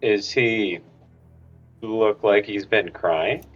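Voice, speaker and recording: Laid-back male player, very slow delivery, dull audio. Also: lowish voice, faint music behind. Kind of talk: playing a tabletop game. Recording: dull lo-fi mic.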